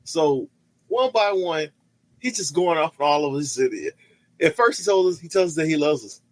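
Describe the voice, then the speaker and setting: A man co-hosting a casual podcast, telling a story in an animated way, laughing often and repeating himself. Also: a little high, moderate pace, low-quality recording. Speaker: podcast co-host.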